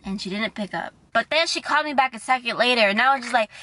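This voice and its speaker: A woman's voice: a little high, fast, sharp tone. A young woman telling a personal story to camera in a candid, emotional, slangy way. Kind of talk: casual storytime monologue.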